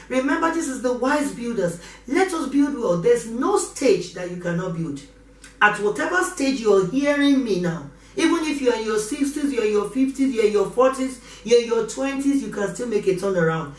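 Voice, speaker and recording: A middle-aged woman pastor, preaching with passion and repeating her pleas. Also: fairly high pitch. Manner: impassioned, repeats exhortations. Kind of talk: preaching sermon. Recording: roomy echo from a distance.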